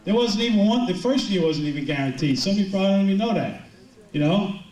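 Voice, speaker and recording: A man's voice: high-pitched, animated, fast talker, a little mellow. A middle-aged man giving a rambling, joking motivational talk to a business audience. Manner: joking, rambling storyteller with many restarts. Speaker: motivational speaker. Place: large event hall with a live audience. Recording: roomy, distant hall mic with crowd laughter.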